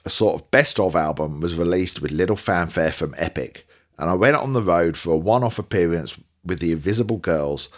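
A man reading a memoir aloud while imitating a sardonic older male punk poet with a Manchester accent, in a dry, sneering way. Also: deep voice. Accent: put-on Manchester.

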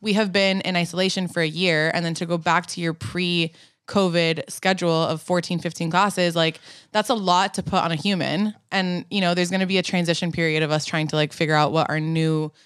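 A woman's voice: lowish voice, fairly even intonation, fairly quick, a bit bright, smooth, no room sound, studio quality. A woman hosting an interview, asking direct and inquisitive questions. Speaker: podcast host. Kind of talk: interview conversation.

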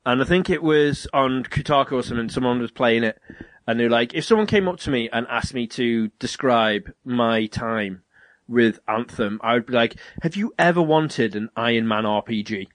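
A young man hosting a casual podcast, telling a story in an animated way and acting out the dialogue. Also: mid-range voice, moderate pace, no room sound. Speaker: podcast host. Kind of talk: casual chat.

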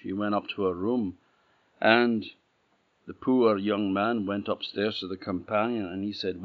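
Slow-spoken Orkney storyteller, low voice. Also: male voice. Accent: Orkney Scots. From Orkney, Scotland. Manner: unhurried, plain-spoken, relaxed. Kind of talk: oral folktale telling. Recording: dull, slightly muffled audio.

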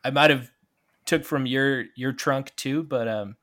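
A man's voice: mid-range voice, a little slow, pushed and bright. A man playing a tabletop game with friends, playful and joking, laughing easily. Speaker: player. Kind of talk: casual tabletop game play.

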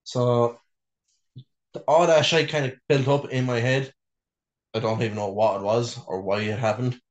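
A man co-hosting a podcast from a bedroom, talking in a sweary, self-mocking, halting way full of fillers. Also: medium pitch, fairly even intonation, reverberant. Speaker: podcast co-host. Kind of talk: casual chat.

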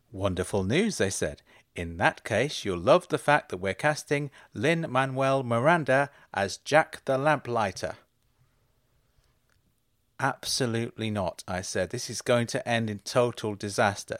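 Dry, deadpan man telling a story. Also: mid-range voice, dry recording. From England. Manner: dry, deadpan delivery with mock indignation. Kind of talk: comic storytelling monologue.

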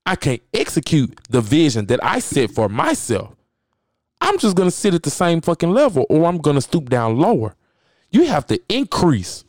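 A man's voice: a little high, wildly swooping pitch, normal speed, no room sound, studio quality. A man hosting a podcast, giving a blunt, profane motivational rant and hammering his points home by repeating phrases. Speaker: podcast host.

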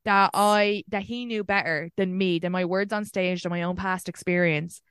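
A young Irish woman hosting a podcast, telling dating stories in a casual video call, animated and swearing freely. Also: on the low side, normal speed, smooth, dry recording, studio quality. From Ireland. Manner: swearing storyteller, animated retelling. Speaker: podcast host.

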